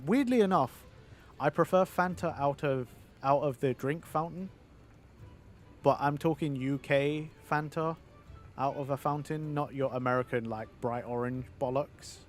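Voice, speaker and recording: A man's voice: mid-range voice, unhurried, soft background music. Rambling British man chatting on stream. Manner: rambling, swears, answers chat. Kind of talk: casual gaming stream chat.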